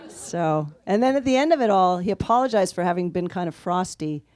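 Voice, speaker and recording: A woman author telling anecdotes in an interview, in a lively way and quoting the people she met. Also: lowish voice, brisk, dry recording, clean studio sound. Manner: animated anecdotal, quotes others with laughs. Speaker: author guest. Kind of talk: conversational interview storytelling.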